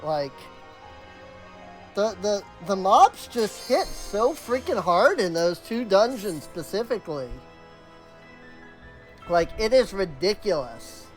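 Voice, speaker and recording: A game streamer chatting casually on a live stream, telling exasperated stories with lots of "like" and restarts. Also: medium pitch. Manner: exasperated storytelling, full of "like" and restarts.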